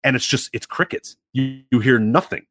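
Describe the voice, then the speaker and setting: A man co-hosting a podcast in casual chat, telling rambling, animated stories full of fillers. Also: mid-range voice, moderate pace, no room sound, studio quality. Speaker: podcast co-host.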